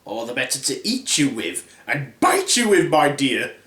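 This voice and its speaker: A man's voice: mid-range voice, sing-song, unhurried, a bit bright. A man voicing a crude, scheming male wolf in a comic fairy tale, talking bluntly. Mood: sly. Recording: roomy echo.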